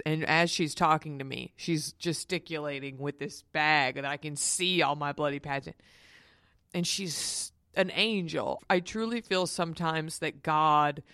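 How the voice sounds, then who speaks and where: Woman podcast host, frank and confiding, smooth clear voice, dry close sound. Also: deep voice, fairly bright tone, dry recording. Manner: frank, emphatic and confiding, addresses listeners as honeys. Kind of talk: candid personal storytelling.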